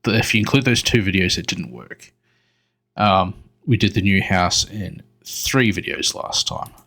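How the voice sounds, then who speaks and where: A man's voice: low-pitched, measured pace, sharp tone, soft background music. A man giving solo gameplay commentary, muttering to himself and talking to the game as he plays. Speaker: gaming video creator.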